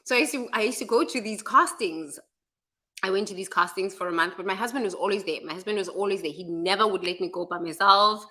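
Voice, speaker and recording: Bright-voiced woman, laughing. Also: medium pitch, fast talker. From South Africa. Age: adult. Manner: frank and lively, laughs often, swears casually. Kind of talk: candid storytelling chat.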